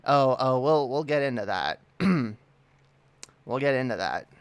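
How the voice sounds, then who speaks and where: A man's voice: medium pitch, lively intonation, measured pace, clear, resonant tone, no echo. A man hosting a casual livestream, greeting his chat in a laid-back, profane way. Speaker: livestream host.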